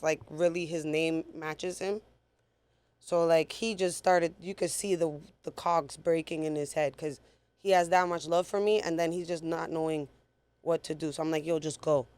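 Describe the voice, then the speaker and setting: A woman's voice: lowish voice, clean tone. A woman guest recounting a personal story in a casual interview, talking bluntly with a lot of swearing. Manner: blunt, profane, animated retelling.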